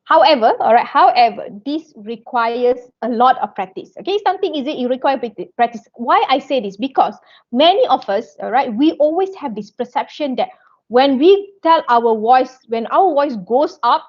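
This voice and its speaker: Woman lecturer, fairly high voice, dull lo-fi sound, keeps checking in with "okay". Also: lively intonation, normal speed. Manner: checks in with frequent "okay" and "all right"; non-native phrasing, frequent restarts. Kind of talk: online lecture. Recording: dull lo-fi audio.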